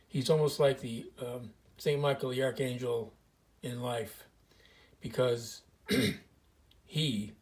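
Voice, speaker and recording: A man, telling rambling stories in a casual way, often clearing his throat, recorded indoors in a small museum room. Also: medium pitch, little pitch movement, measured pace. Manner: earnest, rambling anecdotes with frequent throat clearing. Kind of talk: casual storytelling to camera.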